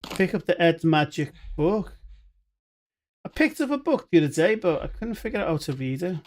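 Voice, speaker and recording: A man's voice: sits high, sing-song, moderate pace, darkish tone. A man with a voice sitting a touch above the usual male range talks through a game live. His commentary is chatty and meandering, full of jokey asides. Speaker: streamer.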